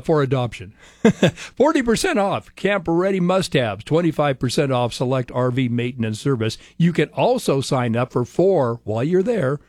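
A man's voice: medium pitch, a little mellow, no room sound, clean studio sound. A man hosting a weekend radio show, reading event plugs in a chatty, laid-back patter. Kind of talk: upbeat radio announcing. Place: radio studio. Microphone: close studio mic.

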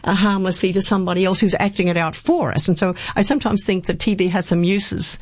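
A woman's voice: mid-range voice, steady tone, fast, no echo. A woman talking earnestly as an interview guest, telling a personal faith story and quoting scripture. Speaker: guest speaker. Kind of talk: personal testimony in conversation.

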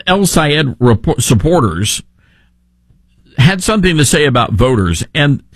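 A man's voice: on the high side, big pitch swings, unhurried, no echo, studio quality. A man hosting a talk radio show, giving an opinionated monologue in an emphatic way with frequent restarts.

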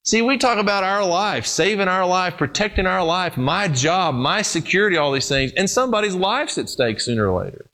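Man preaching, loud peaks and hushed lows. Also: animated, fairly quick, hardly any pauses. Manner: swings from loud emphatic peaks to low, hushed storytelling; speaks directly to the congregation, addressing them as folks and guys. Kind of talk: sermon.

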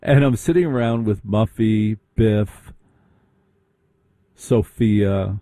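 A man telling a sarcastic, animated comic story in a stand-up style. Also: on the low side, slow pace, no room sound, clean studio sound. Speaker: comedic storyteller.

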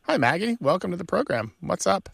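A man's voice: high-pitched, very animated, a little fast, creaky, breathy edge. A man co-hosting a radio show, chatting casually and asking clarifying questions in a friendly, jokey way.

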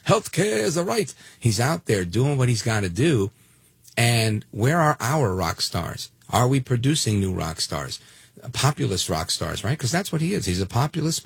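Gravelly husky talk radio host. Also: male voice, fairly low pitch, dry recording. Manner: blunt, conversational, many fillers. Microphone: studio microphone.

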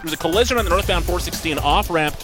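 A man giving a radio traffic and weather report, brisk and steady. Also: on the high side, over music. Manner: brisk, rattling off road updates.

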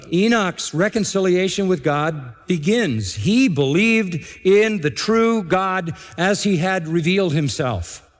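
A man preaching an expository sermon, emphatic, repeating key phrases and slowing down to stress them. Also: fairly high pitch. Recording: long hall reverb.

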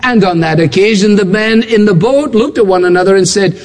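A man's voice: high voice, brisk. A man preaching a sermon, building his points through repetition and acting out quoted voices. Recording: long hall reverb.

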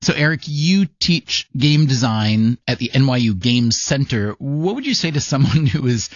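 A man hosting a podcast, narrating in a measured, reflective way and interviewing a guest. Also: medium pitch, expressive, dry recording, muffled recording. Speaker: podcast host.

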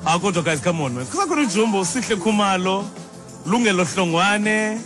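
A man hosting a casual radio chat, animated and teasing, often laughing. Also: sits high, a little fast, over music. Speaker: radio host.

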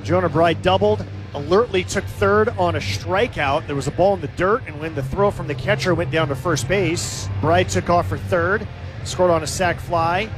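A man calling live baseball play-by-play as the team's announcer, giving steady, stat-heavy recaps of the game. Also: high voice, normal speed, over music.

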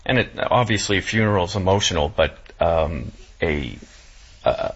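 Low husky guy chatting, keeps restarting, choked up, kinda muffled sound. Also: expressive. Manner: halting, many restarts and fillers. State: emotional, near tears. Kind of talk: casual chat.

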